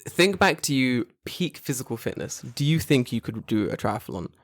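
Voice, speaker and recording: A man in his twenties co-hosting a podcast in casual chat, telling stories with lots of energy, jumping into a high excited voice for quotes and swearing freely. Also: normal speed, dry recording, clean studio sound. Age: 20s. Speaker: podcast co-host.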